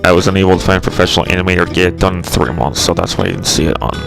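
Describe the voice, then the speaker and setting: A man's voice: low voice, steady tone, very fast, creaky, over music, rough recording. A man hosting his own channel, talking in a rambling, exasperated way with frequent swearing. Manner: rambling, profane, exasperated ranting. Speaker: channel host. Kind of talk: casual rambling video commentary.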